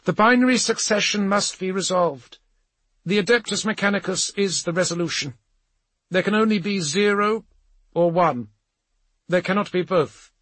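A man reading as a cold, calculating female envoy of a machine cult, speaking in clipped, clinical logic, pitched higher than his narration with a husky edge. Her lines are insistent and come from a dry, close recording. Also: moderate pace, a bit bright, dry recording.

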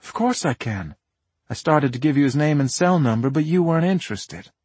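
A man's voice: fairly high pitch, lively intonation, brisk, a little mellow, breathy edge, no room sound, pitched above the performer's own voice. A man voicing a brash sassy woman singer. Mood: pushy. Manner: brash, teasing. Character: sassy redheaded woman singer, bold and pushy.

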